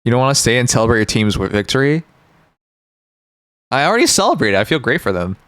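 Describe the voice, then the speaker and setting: A man's voice: mid-range voice, very animated, fast, fairly bright tone, dry recording. A man streaming live, chatting casually and joking with his viewers in a rambling way. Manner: rambling, joking, talks to chat.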